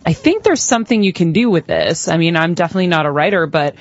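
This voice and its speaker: A woman's voice: on the low side, fast talker, dry recording. A woman from Massachusetts in her thirties, chatting as a guest on a radio show. She tells her stories with animation and slips into her younger self's voice. The sound is dry and slightly dull. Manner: animated storyteller, acts out her younger self. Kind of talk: casual radio chat.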